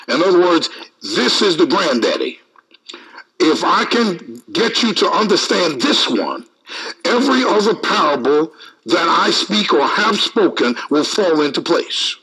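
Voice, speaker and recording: A man's voice: a little high, a little slow, slightly rough, rough recording. A man preaching a sermon, reading scripture aloud and calling out to the congregation. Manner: lively preaching with call-outs and scripture reading.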